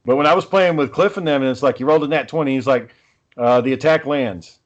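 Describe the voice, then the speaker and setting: A man's voice: on the high side, racing, muffled recording. A young man hosting a podcast, telling stories in casual chat and swearing freely. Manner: profane storytelling, swears freely. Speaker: podcast host.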